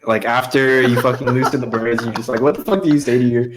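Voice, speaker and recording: A man's voice: mid-range voice, fairly even intonation, fast talker, background noise. A young man co-hosting a podcast, swearing casually and joking with friends. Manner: laughing, calls friends "bro", swears casually. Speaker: podcast co-host.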